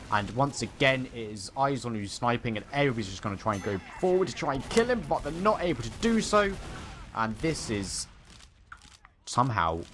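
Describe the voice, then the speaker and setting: A man's voice: lowish voice, a bit bright, slight background noise. A man casting a live esports match, joking and teasing his co-caster between plays. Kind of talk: live game commentary.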